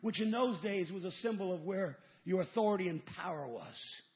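High-voiced man preaching with shouted peaks. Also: normal speed, highs cut off. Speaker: evangelist. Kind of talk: sermon.

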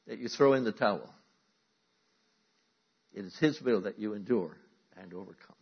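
Husky male preacher, sermon in a church, swings between forceful exhortation and low asides, dull lo-fi recording. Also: normal speed, pauses often. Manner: swings from loud emphatic exhortation to quiet asides.

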